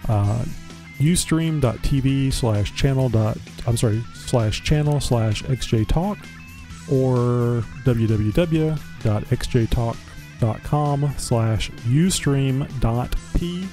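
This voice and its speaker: A man's voice: medium pitch, slow pace, mellow, soft background music. A man hosting a casual live internet show, rambling and restarting his words often. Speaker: host. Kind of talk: casual livestream chat.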